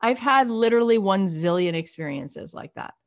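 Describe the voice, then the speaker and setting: A middle-aged woman telling a story in an animated, emphatic way in a casual conversation. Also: medium pitch, normal speed. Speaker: podcast host and guest.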